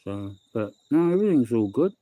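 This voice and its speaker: A man's voice: mid-range voice, sing-song, brisk, dark tone, no echo. A young man with a New Zealand accent chatting on a home livestream, rambling through a story and greeting viewers by name. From West Auckland, New Zealand. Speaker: livestream host. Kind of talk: casual livestream chat.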